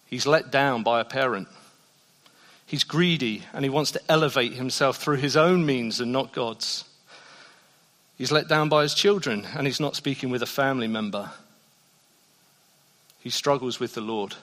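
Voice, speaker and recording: A man preaching a sermon in a church, shifting between soft, hushed passages and loud, emphatic ones. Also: medium pitch, a little slow, pauses often. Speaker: pastor. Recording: long reverb of a church hall.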